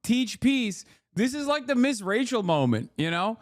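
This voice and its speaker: A man hosting a stream, giving casual, sarcastic, animated commentary with some cursing. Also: high voice, moderate pace, no room sound, studio quality. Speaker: streamer host.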